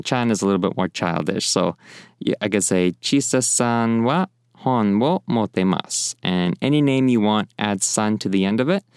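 A man with a lowish, smooth voice gives a casual language lesson. He rambles between points and slows down to repeat example phrases. The sound is close and dry. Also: a little mellow, dry recording. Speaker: language teacher.

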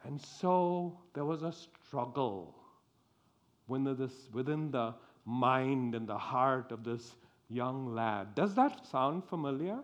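A man preaching a sermon, speaking slowly with frequent repeated restarts. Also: medium pitch, lively intonation.

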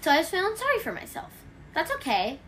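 A woman's voice: very high-pitched, quick pace, slight background noise. A woman hosting a casual chat at home, rambling through stories with lots of fillers. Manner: rambling, filler-heavy, animated storytelling. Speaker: host.

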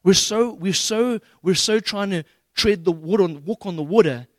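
A man's voice: sits high, moderate pace, no room sound. Dry, casual preaching man. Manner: casual, humorous storytelling with slang paraphrases. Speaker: pastor. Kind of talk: sermon.

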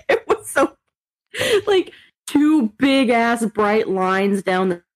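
A woman's voice: a little high, very animated, slow, poor audio. A young woman co-hosting a podcast, chatting casually and teasing with frequent giggles. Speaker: podcast co-host. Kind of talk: casual chat.

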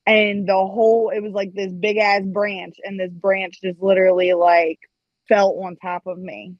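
A woman's voice: mid-range voice, little pitch movement, unhurried, no room sound. A young woman chats frankly as a podcast guest, peppering her talk with fillers and the odd curse. The recording sounds somewhat dull and lo-fi, dry and close. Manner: candid, swears casually, says like a lot. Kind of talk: casual podcast chat.

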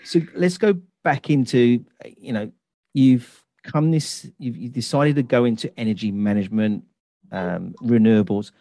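A man with a London accent interviewing a guest, relaxed, often ending questions with tags like "didn't you". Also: medium pitch, normal speed, no echo, studio quality. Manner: relaxed, asks leading questions with tag questions. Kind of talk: casual interview.

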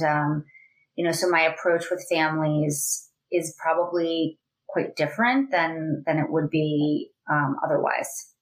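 Earnest lower-pitched woman guest. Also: rough recording. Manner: earnest, animated, many fillers. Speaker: guest, family educator. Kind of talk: conversational interview.

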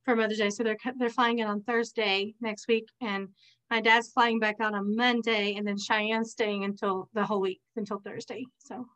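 A middle-aged woman co-hosting a podcast in casual chat over a video call, tossing in quick reactions and questions. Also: on the high side, little pitch movement, fairly bright tone. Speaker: podcast co-host.

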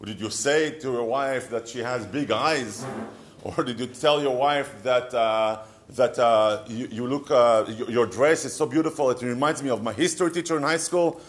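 A middle-aged man with an Israeli accent, speaking in a mid-range voice at a moderate pace, works as a marriage counselor. He gives a short, conversational advice talk, tossing out rhetorical questions with a touch of humor.

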